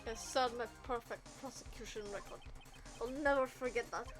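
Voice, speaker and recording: A woman's voice: on the high side, moderate pace, music in the background, lightly acted. A woman voicing a haughty young female prosecutor with a put-on German accent, cold and scornful, while reading a video game script aloud.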